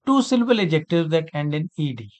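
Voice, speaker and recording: A man teaching an English grammar lesson, speaking deliberately, repeating words and spelling out letters. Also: on the high side, big pitch swings. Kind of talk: slow spoken grammar lesson.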